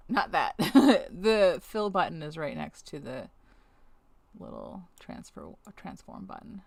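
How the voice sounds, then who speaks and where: A woman's voice: fairly low pitch, huge pitch swings, slow pace, creaky, husky, dry recording. A woman streamer thinking aloud in casual chat while doing a task, talking to on-screen objects and scolding them, then apologizing. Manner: thinks aloud with self-talk. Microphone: webcam setup.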